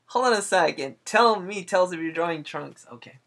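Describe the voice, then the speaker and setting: A man's voice: sits high, a little fast, creaky, a bit bright. A man hosting a live drawing stream, rambling and joking with viewers and talking himself through his work. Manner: rambling, jokey, talks to himself while working. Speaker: livestream artist host. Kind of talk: casual chat while drawing live.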